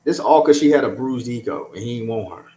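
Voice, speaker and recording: A man's voice: mid-range voice, fast, dark tone, reverberant. A man hosting a casual chat, giving emphatic, profane advice. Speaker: host.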